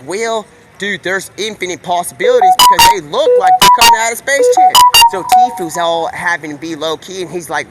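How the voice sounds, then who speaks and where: A man live streaming outdoors, rambling excitedly in slangy talk as he jumps from one topic to the next. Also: high-pitched. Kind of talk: rambling stream-of-consciousness monologue.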